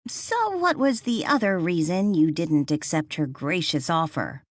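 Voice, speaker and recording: Woman reading a teasing young woman, playful, lively swinging pitch, dry close sound. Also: unhurried, no room sound, heavily acted. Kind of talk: audiobook character voice.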